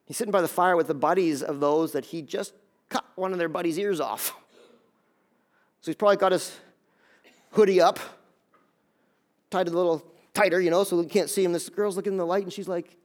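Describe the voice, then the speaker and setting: Animated higher-voiced male preacher. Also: a little fast, pauses often. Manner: animated, acts out scenes in quoted voices; conversational, talks straight to the audience. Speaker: pastor. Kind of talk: sermon.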